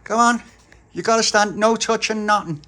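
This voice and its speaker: A man's voice: high-pitched, normal speed, pushed and bright, pitched above the performer's own voice. A man voicing a bossy boy toy who lays down strict rules in a toy story. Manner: bossy, insistent.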